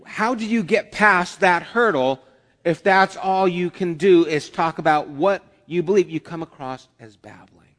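A man's voice: on the high side, fairly bright tone. Pastor, male, chatty preaching style with quoted asides, echoing church hall. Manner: conversational preaching with acted asides. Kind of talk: sermon. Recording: long hall reverb.

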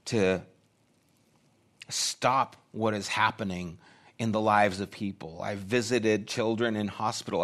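A man's voice: on the low side, a bit bright. Earnest middle-aged male pastor preaching. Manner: earnest, conversational preaching with repeated phrases. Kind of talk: sermon.

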